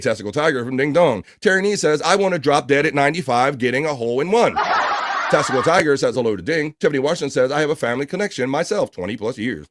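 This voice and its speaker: A man hosting a casual livestream, quickly reading out viewer names, shout-outs and chat messages. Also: a little high, noisy background. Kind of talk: casual live show chatter.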